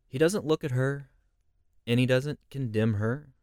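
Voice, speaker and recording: A man's voice: mid-range voice, moderate pace, darkish tone, no room sound, clean studio sound. A man leading a conversational Bible study, reflective and posing rhetorical questions.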